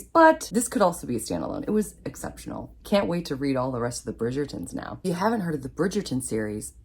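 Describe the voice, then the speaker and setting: A middle-aged woman giving a casual, gushing book review, animated and laughing often. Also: sits low.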